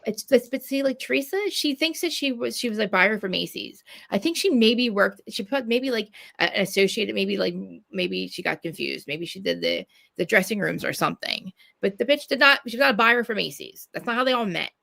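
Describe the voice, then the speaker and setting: Jersey woman venting on a podcast, super gravelly voice, cusses constantly, trips over her words. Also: medium pitch, expressive, fairly quick, sharp tone. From New Jersey. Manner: profane, ranting, many restarts. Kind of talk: casual chat.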